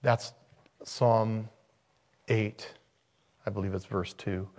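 A man preaching a sermon in an animated way, swinging from loud and excited to quiet and reflective. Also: fairly low pitch, slow.

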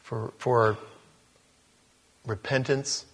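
A man preaching a sermon in a conversational way, growing animated as he reads scripture aloud. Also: medium pitch, very slow, breathy edge, long reverb tail.

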